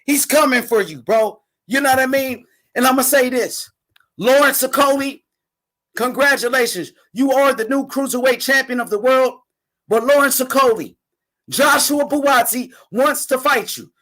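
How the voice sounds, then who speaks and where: A man's voice: very high-pitched, moderate pace, a bit bright. A young man hosting a casual live reaction to a boxing fight, talking in slang and repeating himself as he hypes the fighters. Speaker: boxing commentator, channel host.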